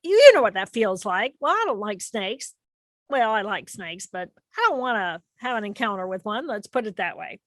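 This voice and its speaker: A woman giving an explanatory talk to an audience, animated and repeating key phrases for emphasis. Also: medium pitch, normal speed, no room sound, clean studio sound. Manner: animated, acts out inner voices and repeats phrases. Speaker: speaker presenting to an audience.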